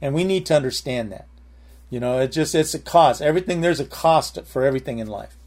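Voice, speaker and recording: A man's voice: mid-range voice, brisk, darkish tone. A man preaching a sermon in a loose, conversational way, full of restarts and calls of amen. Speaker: pastor.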